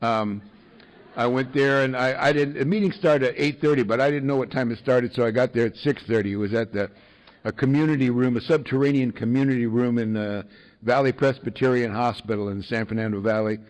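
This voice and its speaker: A man in the middle of a talk, spinning a personal story with wry, self-mocking humor. He sits at an average pitch, with frequent ums and chuckles along the way. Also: brisk, poor audio. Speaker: speaker sharing a recovery story. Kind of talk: storytelling to an audience.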